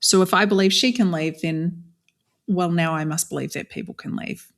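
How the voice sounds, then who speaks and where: A young woman from New Zealand tells her story as a podcast guest, talking candidly and conversationally. Her voice sits a little low, and she often restarts her sentences and leans on fillers. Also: normal speed.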